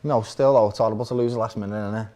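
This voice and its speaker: A man, co-hosting a live football watch-along and reacting excitably to the match. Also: on the low side, very fast. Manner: excitable, shouts and laughs at goals.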